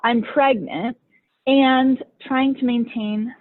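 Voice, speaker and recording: Over a tinny phone-like line, the podcast host and coach tells stories slowly, her fairly high voice keeping a fairly even intonation. It's casual and conversational, with plenty of "like."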